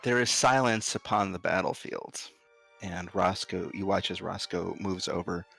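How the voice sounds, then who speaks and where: Low-voiced man narrating a tabletop game. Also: normal speed, vocal fry, husky, soft background music. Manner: relaxed narration with frequent ums and uhs. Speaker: game master.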